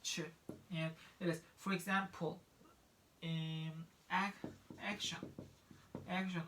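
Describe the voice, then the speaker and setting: Male pronunciation teacher, slow measured delivery, drills example words with frequent restarts. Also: a little high, flat delivery, a bit bright, a little hiss or hum. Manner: repeats each example word several times, with many restarts. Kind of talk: pronunciation lesson.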